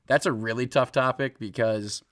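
A young man co-hosting a podcast, talking his thoughts through slowly and loosely, full of fillers as he goes. His voice sits in an ordinary middle pitch. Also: steady tone, a bit bright. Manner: rambling, reflective, filler-heavy. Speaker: podcast co-host. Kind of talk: casual chat.

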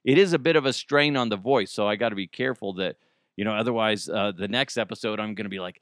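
In his home basement, a man hosts a casual solo podcast, rambling, joking and riffing into silly voices. His voice is on the low side and a bit bright, moving at a quick pace, captured in a dry, clean studio sound.

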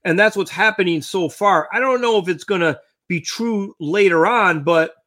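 A man's voice: high-pitched, moderate pace, pushed and bright. A man co-hosting a casual sports talk show, rambling through lists of teams and trailing off mid-thought.

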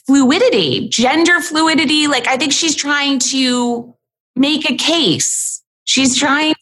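A woman's voice: high-pitched, slow, fairly bright tone. A woman comedian guesting on a podcast, chatting casually in a self-deprecating way with lots of filler words.

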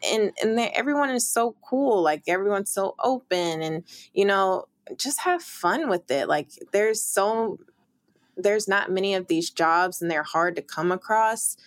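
A woman's voice: medium pitch, expressive, measured pace, no room sound. A young woman sports reporter, interviewed, talking in upbeat, emphatic bursts with occasional laughs.

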